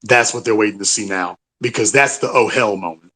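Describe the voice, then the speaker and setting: A man's voice: fairly low pitch, brisk, bright, forceful tone, slightly rough. Emphatic man hosting a political audio chat. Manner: emphatic, repetitive, conversational. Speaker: host of an online audio talk room. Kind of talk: casual political monologue.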